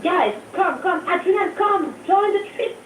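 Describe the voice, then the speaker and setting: A woman with a French accent organizing group trips, chatting excitedly in a casual online group talk. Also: extremely high pitch, measured pace, echoey room, recorded from a distance, slight background noise, low-quality recording. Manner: excitable, gushing. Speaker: travel organizer in group chat. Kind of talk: casual group audio chat.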